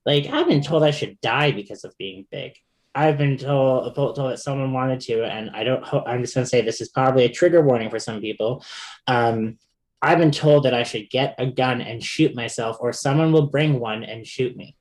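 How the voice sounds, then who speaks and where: Man, podcast guest, casual chat, halting delivery, frequent restarts, laughs between stories. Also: mid-range voice, darkish tone.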